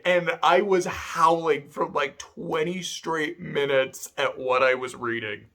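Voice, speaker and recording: A man talking casually about a visual novel he played, swearing a lot and breaking into laughter as he retells scenes. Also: high-pitched. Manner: profane, laughing, animated storytelling. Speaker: video essay host reviewing a visual novel. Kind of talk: casual spoken review.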